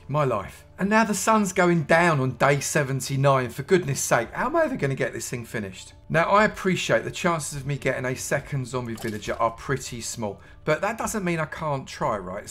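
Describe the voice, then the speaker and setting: A British man giving chatty gameplay commentary, talking to himself and to the creatures on screen and bursting into excited shouts. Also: a little high. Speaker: gaming YouTuber.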